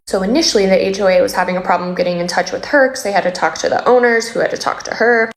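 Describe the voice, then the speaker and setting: A woman's voice: medium pitch, quick pace, reverberant, slight background noise. A woman casually telling a story to camera about her neighbor, matter-of-fact and step by step. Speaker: homeowner telling a story in a social video.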